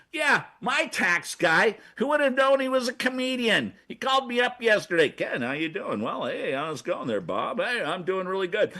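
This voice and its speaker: A recurring guest on a comedy radio segment rambles frantically in the studio, constantly stammering and restarting during excitable comedic chat. His high, sharp voice swings widely in pitch, and he keeps a moderate pace with few pauses.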